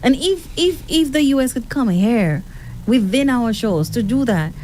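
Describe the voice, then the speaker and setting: A woman's voice: fairly high pitch, expressive, unhurried, a little mellow, a little hiss or hum. Indignant Caribbean woman co-hosting talk radio. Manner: indignant, echoes the host, says "come on". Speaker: radio co-host. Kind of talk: casual political talk.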